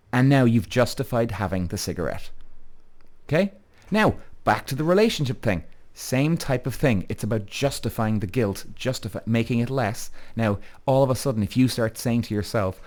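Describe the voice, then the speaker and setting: A man hosts his podcast alone, speaking in a blunt, emphatic monologue. He swears freely and keeps asking "right?" as he goes. He slips into quick mock voices to act out what other people say. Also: mid-range voice, a little mellow. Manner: repeatedly asks "right?" as a tag. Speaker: podcast host. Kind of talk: candid monologue with frequent swearing.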